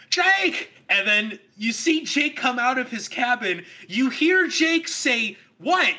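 Young guy reviewing a movie on a podcast, super bright sharp high voice, animated storyteller. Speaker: podcast co-host. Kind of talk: casual film review chat.

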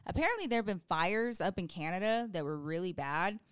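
Young texan woman, smooth clear voice, dry close sound, lively storyteller teasing her cohost. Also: fairly low pitch, brisk, dry recording. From Texas. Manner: animated storyteller, playful teasing. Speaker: podcast co-host. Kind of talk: casual chat.

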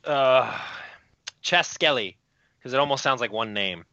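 Bright-voiced man, hesitant guest. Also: medium pitch, measured pace, no room sound. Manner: hesitant, full of uh fillers. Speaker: guest, jiu-jitsu athlete. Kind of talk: casual podcast chat. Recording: dry, slightly dull sound.

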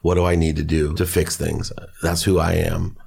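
A man's voice: sits low, level tone, normal speed, gravelly, a little mellow, husky. A middle-aged man, a podcast guest, telling personal stories in an earnest, emotional way. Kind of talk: personal storytelling.

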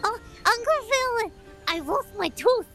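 A woman voicing an excited little girl of about six, giddy and bossy. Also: very high-pitched, measured pace, faint music behind, voice pushed up, exaggerated voice.

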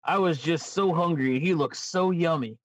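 A man voicing a hungry male buzzard puppet, talking slowly and sheepishly. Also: fairly high pitch, dry recording, distant mic, close to an everyday voice.

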